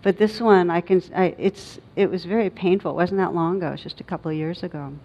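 Halting, reflective woman giving a dharma talk. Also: lowish voice, fairly even intonation, mellow. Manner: reflective, halting storytelling with many fillers. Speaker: meditation teacher. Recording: dull lo-fi recording.

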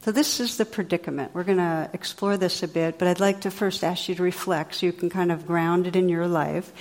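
A woman meditation teacher giving a dharma talk to a class, gentle and reflective, guiding listeners in quiet reflection. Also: fairly low pitch, steady tone, fairly quick, hardly any pauses, big-room sound.

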